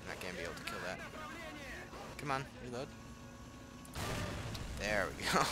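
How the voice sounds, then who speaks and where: A man's voice: sits low, expressive, moderate pace. A young man casually commenting as he plays a war strategy game, reacting aloud and laughing at himself. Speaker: gaming channel host. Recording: faint game noise behind.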